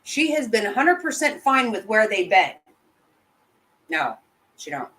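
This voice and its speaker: A woman's voice: on the high side, sing-song, a little slow, a bit bright, poor audio. A woman hosting a casual livestream, answering chat bluntly and indignantly, swearing freely. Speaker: livestream host reading chat.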